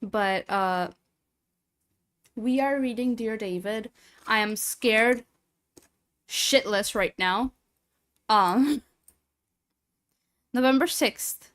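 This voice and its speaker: A woman livestreaming, chatting casually with viewers and reading a horror story aloud, lively and quick to swear and laugh. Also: fairly high pitch.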